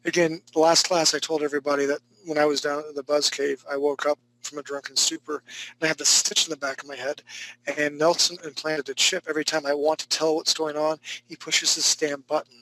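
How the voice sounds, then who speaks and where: Male art teacher, fairly high and gravelly, chatty and joking while giving feedback. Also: flat delivery, brisk, sharp tone, rough recording. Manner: joking, laid-back, chatty. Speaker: art instructor. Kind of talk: live online drawing class critique.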